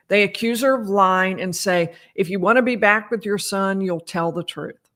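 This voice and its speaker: A woman lawyer giving casual commentary on a criminal trial, talking in a conversational way and quoting interrogation testimony with animated emphasis. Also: medium pitch, normal speed.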